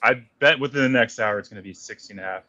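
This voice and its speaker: A man's voice: medium pitch, very fast, sharp tone, highs cut off. A man on a betting panel, confident, with fillers, talking lines and odds. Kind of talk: casual betting show chat.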